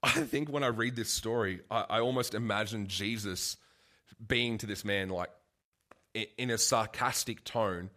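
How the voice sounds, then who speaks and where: A man's voice: fairly low pitch, normal speed, pushed and bright. A man preaching a casual, conversational sermon, full of asides and restarts.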